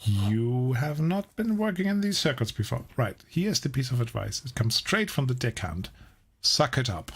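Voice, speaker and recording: A brusque head chef who brushes people off with curt, impatient lines, as a man puts him on. The voice is husky and slightly rough, and he keeps every answer short and dismissive. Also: mid-range voice, sing-song, normal speed.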